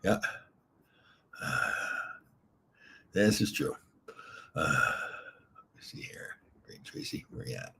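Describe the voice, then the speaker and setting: A man's voice: rumbling low, sing-song, slow, pauses often, bright, forceful tone, a little hiss or hum. A middle-aged man hosting a rambling, casual live stream, reading comments aloud and giggling often. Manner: giggly, rambling, laughs often between lines. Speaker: host reading live chat.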